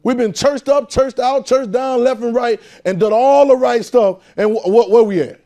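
High-pitched emphatic male Bible teacher. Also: normal speed, dark tone. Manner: call-and-response, repetitive, emphatic. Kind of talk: preaching-style Bible teaching.

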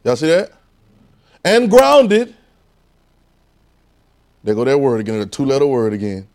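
A man's voice: mid-range voice, fast talker, mellow. A man with a Southern US accent preaching a sermon in a casual, coaxing call-and-response style.

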